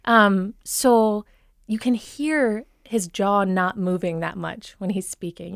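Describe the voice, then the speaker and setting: Woman, light Minnesota accent, dialect coach, mid pitch, enthusiastic explainer, dry studio sound. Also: slow, vocal fry, dry recording. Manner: enthusiastic, explanatory, frequent ums. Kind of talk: expert guest in radio talk.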